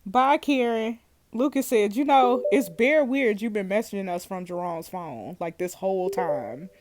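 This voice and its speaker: A woman's voice: medium pitch, unhurried, heavy background noise. A young woman hosting a let's play, reading messages aloud and reacting with laughter and slang. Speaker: gaming host.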